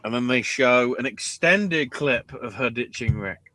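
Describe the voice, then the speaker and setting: A man's voice: mid-range voice, lively intonation, bright, forceful tone, no echo. A man hosting a podcast, recapping in a casual, sarcastic way and swearing freely. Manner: profane, sarcastic, unhurried drawl. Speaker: podcast host. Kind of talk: casual wrestling recap chat.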